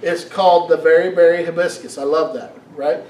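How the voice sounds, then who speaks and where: A middle-aged male pastor preaches with a fairly high voice, lively and full of stories. He often turns to the congregation with questions. He is recorded from a distance in an echoey sanctuary, with a faint hiss behind him. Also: fairly quick. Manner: storytelling, animated, asks the congregation questions. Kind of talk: sermon. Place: church sanctuary. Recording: echoey room, mic from a distance.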